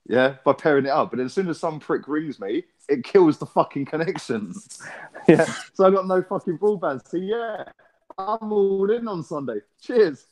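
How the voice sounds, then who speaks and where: A man's voice: fairly high pitch, expressive, a little mellow. Swearing man telling a rant. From England. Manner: swearing, storytelling with rapid back-and-forth. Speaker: podcast co-host. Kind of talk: casual chat.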